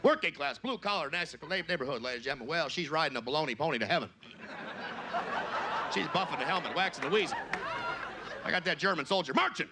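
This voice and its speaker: Male stand-up comic, brash and loud, fairly high voice, noisy live club recording. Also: expressive, quick pace, pauses often. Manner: brash, shouts high-pitched voices for punchlines. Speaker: stand-up comedian. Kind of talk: stand-up comedy set. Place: comedy club stage before a live audience.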